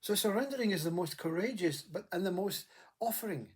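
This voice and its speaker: Husky man giving a halting spiritual talk. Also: high voice, lively intonation. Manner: halting, reflective, repeats words. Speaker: spiritual speaker. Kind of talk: spiritual monologue.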